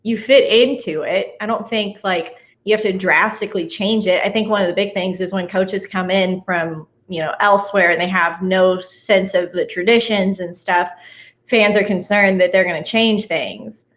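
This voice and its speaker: A woman's voice: mid-range voice, moderate pace, a bit bright. Giggly chatty woman guest. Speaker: guest sports analyst. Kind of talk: casual sports podcast chat.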